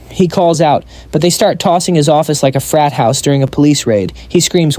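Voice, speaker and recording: A man's voice: a little high, fairly quick, few pauses, darkish tone, dry recording. A man narrating a comic story recap in a scripted style, dropping wry joking asides.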